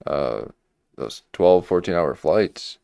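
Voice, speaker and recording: A man commenting on a livestream, musing slowly and hesitantly with many fillers and restarts. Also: low voice, animated, gravelly, warm tone, dry recording, studio quality.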